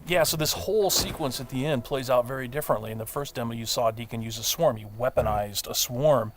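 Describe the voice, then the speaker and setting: A man, a game developer, explaining a gameplay demo with quick talk and many fillers. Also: mid-range voice. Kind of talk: demo walkthrough commentary.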